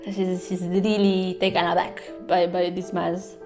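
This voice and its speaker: A woman's voice: lowish voice, level tone, over music. A woman commenting on a webtoon in a sarcastic, swearing reaction style, acting out the characters' lines. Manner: plays every character in quick put-on voices.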